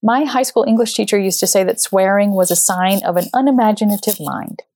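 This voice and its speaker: A woman in her thirties or forties telling a personal story and talking it through, animated and acting out quotes with sudden jumps in pitch. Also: a little fast, dry recording. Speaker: speaker.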